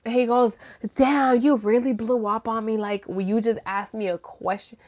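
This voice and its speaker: A woman hosting a live stream, telling her viewers a story casually, rambling and animated, with lots of "like" and some swearing. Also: fairly high pitch, normal speed. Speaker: host of a live chat stream.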